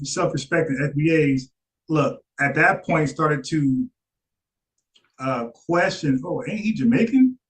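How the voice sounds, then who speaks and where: Man reacting to a clip, a bit high voiced, fired up and repeating himself. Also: low-quality recording. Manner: animated, acts out quoted voices, repeats phrases. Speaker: commentator reacting to a video. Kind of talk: casual reaction commentary.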